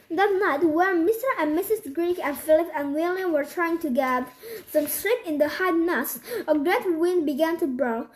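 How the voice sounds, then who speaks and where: Woman, Korean accent, high voice, reading a children's book aloud, halting, restarts phrases. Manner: halting, repeating words and restarting. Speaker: reader.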